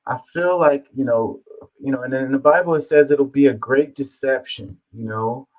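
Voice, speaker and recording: A man's voice: medium pitch, moderate pace, poor audio. A man hosting a reaction video, commenting casually and rambling as he thinks aloud, with many fillers.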